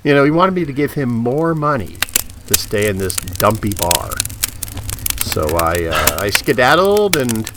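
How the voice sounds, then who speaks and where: A man's voice: medium pitch, measured pace, noisy background. A man telling a casual story and acting out the dialogue. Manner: animated, acts out the dialogue.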